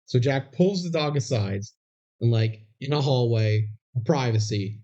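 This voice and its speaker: A man's voice: mid-range voice, lively intonation, a little slow, mellow, highs cut off. A man co-hosting a podcast, recapping a movie scene by scene and acting out the characters' lines. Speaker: podcast co-host. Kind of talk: casual movie recap chat.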